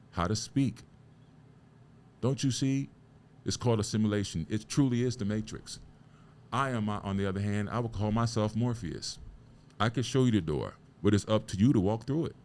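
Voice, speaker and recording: A man's voice: fairly low pitch, a little mellow. A man hosting a podcast, giving an emphatic, preachy motivational talk full of rhetorical questions and casual swearing. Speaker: podcast host.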